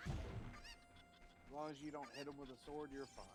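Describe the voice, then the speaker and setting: Sarcastic gamer man over loud game music. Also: a little high, little pitch movement, moderate pace. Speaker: co-commentator. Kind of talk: casual gameplay commentary.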